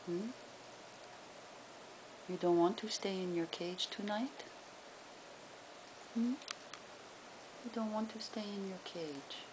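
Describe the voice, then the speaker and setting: A woman's voice: medium pitch, takes it slowly, pauses often, noisy background. A woman at home, talking to her pet in cooing, coaxing baby talk. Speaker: pet owner. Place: home indoors.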